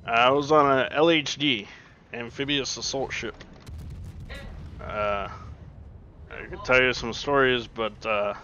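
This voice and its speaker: A man streaming, chatting casually and rambling with many pauses and fillers. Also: medium pitch, steady tone, bright, forceful tone, a little hiss or hum. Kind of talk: casual chat. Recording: dull lo-fi mic.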